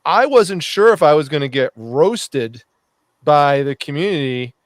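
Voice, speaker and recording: A man, a reseller who makes videos, tells a story on a live show. His voice is smooth and fairly high, and the sound is dry. He talks reflectively, with many uh's. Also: animated, measured pace, dry recording. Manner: reflective, with frequent uh and um. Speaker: reseller YouTuber guest. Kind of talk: casual storytelling.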